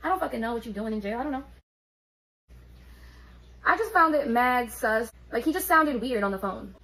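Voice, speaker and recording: A woman, telling a story on her vlog in an animated, profane, streetwise way. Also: a little high, normal speed, rough recording. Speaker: beauty vlogger.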